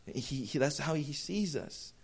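A man preaching to a congregation in a relaxed, storytelling way, acting out the back-and-forth of conversations with a friend. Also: on the high side, measured pace, vocal fry, slightly rough. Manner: casual, storytelling, acts out dialogue. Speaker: pastor. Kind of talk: sermon.

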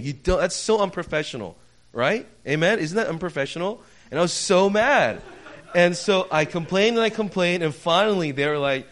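A young man preaching to a congregation, slightly higher-pitched than most men. He tells a personal story casually, full of fillers, dropping low and then rising to loud outbursts. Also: a little fast. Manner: animated storytelling, swings from quiet to loud; conversational, many fillers.

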